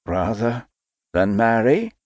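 A woman voicing a stern, unbending aristocratic father in an audiobook, slow and commanding. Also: extremely low pitch, big pitch swings, darkish tone, no echo, clean studio sound, voice pushed down, exaggerated voice. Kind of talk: audiobook character voice.

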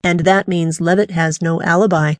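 A woman voicing a calm, methodical male police detective who talks in a patient, measured, quietly pointed way. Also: fairly low pitch, dry recording, lightly acted. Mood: dry, confident.

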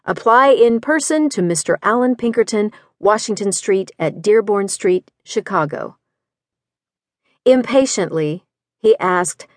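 A woman narrating a historical novel in the first person, in a measured, clear literary reading on a studio microphone. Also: mid-range voice, dry recording. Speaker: audiobook narrator.

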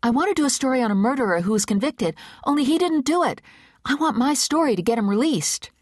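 A woman doing a high, eager young reporter. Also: lively intonation, no echo, studio quality. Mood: pleading. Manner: quick, pleading, breathless.

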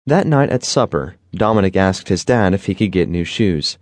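Man narrating a kids' audiobook, lowish and lively, dry close read. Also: moderate pace, a little hiss or hum. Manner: expressive, storytelling.

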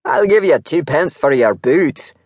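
A narrator voicing a young Highland warrior with a Scottish accent, blunt and wry. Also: male voice, lively intonation, measured pace, no room sound, studio quality. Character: gruff brawny Highland warrior, young man.

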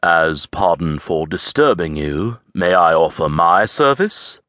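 A male audiobook narrator voicing a calm, commanding man who speaks smoothly and evenly. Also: sits low, slow, no echo, studio quality, heavily acted. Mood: smooth, teasing.

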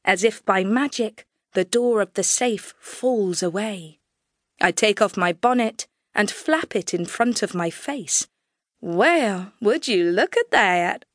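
A woman reading an audiobook aloud in measured, even first-person storytelling, close to a studio mic. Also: mid-range voice, dry recording. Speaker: audiobook narrator. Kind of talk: scripted audiobook narration.

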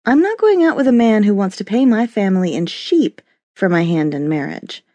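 A woman's voice: mid-range voice, expressive, normal speed, warm tone, no room sound, lightly acted. A woman narrator voicing a wry, exasperated middle-aged mother in an audiobook. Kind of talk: audiobook character voice.

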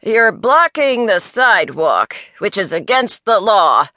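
Lady reading grumpy old busybody guy, gruff and accusing, bright forceful voice. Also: mid-range voice, lively intonation, measured pace, no echo. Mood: grumbling. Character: cranky older male busybody.

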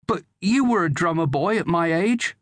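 A man's voice: sits high, animated, normal speed, no room sound, voice pushed up. A man doing an eager young farm boy. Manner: pleading, eager.

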